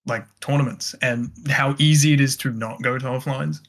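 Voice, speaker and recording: A man's voice: medium pitch, steady tone, normal speed. A man on a casual panel stream, chiming in with wry remarks. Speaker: guest on a community stream.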